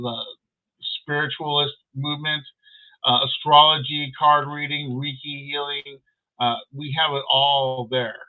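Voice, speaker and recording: A man hosting an online show in a casual, rambling way, with many fillers, over a video call. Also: a little high. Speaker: podcast host. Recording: tinny phone-like line.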